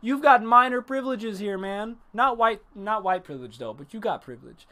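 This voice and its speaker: Here a high-pitched man talks briskly while going over an anime episode live on stream. The tone is relaxed but energetic and full of swearing, and he keeps stopping to greet people in chat and reply to them.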